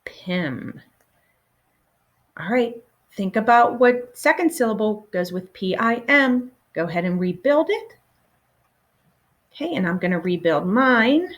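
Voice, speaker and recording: In a recorded phonics lesson for kids, a woman teacher sounds animated, her voice a little high. She encourages them patiently and leaves pauses for their answers.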